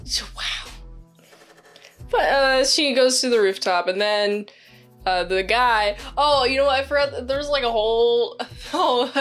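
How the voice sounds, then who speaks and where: High-pitched woman doing a slow rambly movie recap, keeps cutting herself off and giggling. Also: a bit bright. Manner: rambling, self-interrupting, giggly. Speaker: movie reviewer.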